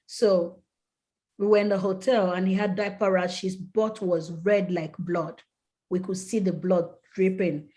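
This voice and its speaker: A woman's voice: on the low side, fairly even intonation, measured pace, dark tone. A woman guest on a podcast, telling an earnest, emotional personal story with vivid detail and acting out the people she quotes. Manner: acts out quoted people in a raised voice. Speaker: podcast guest, skincare brand founder.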